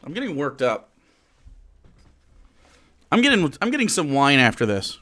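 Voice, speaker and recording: A man streaming a reaction to a podcast, sarcastic and profane, swinging between mocking asides and shouted outbursts. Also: a little high, huge pitch swings, moderate pace. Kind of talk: ranting reaction commentary.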